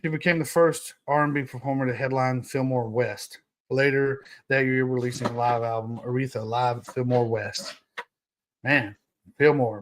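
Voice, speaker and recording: A man's voice: medium pitch, steady tone, normal speed, a little hiss or hum. A young man hosting a casual solo podcast, reading notes aloud and joking with his live chat, laughing often. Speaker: podcast host.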